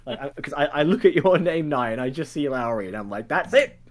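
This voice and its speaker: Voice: medium pitch, expressive, fast, crowd noise. A game master narrating a tabletop game, chatty and stumbling over words.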